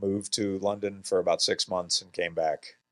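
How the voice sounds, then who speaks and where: A man's voice: deep voice, level tone, moderate pace. A man, an actor guest on a podcast, telling casual anecdotes and laughing often. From Georgia, USA. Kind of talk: casual interview storytelling. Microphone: podcast studio microphone.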